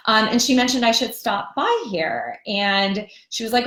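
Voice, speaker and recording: A woman's voice: mid-range voice, expressive, normal speed, fairly bright tone. A woman coaching during a live webinar, talking casually with lots of ums and you-knows. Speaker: divorce recovery coach. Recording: roomy echoey sound.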